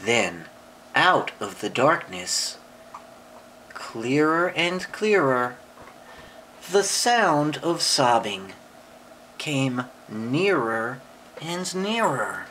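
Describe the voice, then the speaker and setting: Slow, lively woman reading a storybook. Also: rumbling low, a little hiss or hum, poor audio. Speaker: parent reading to a child. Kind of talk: reading a picture book aloud.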